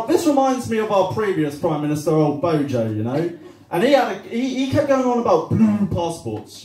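A man's voice: high voice, sing-song, normal speed, darkish tone. A young man doing a stand-up comedy set, rambling and self-deprecating with many fillers. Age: young adult. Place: cafe-bar comedy night. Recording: roomy live room, distant mic.

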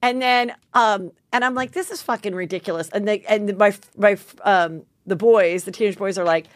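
A woman's voice: medium pitch, fairly even intonation, normal speed, no room sound, studio quality. A woman in her forties hosting a podcast, telling rambling stories with frequent laughs and casual swearing. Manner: rambling storyteller, swears freely, laughs often. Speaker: podcast host. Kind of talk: casual chat.

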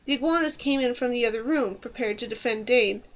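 A woman narrating a fantasy audiobook with a high voice. She reads in a steady, even storytelling manner. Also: brisk. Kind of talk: scripted narration.

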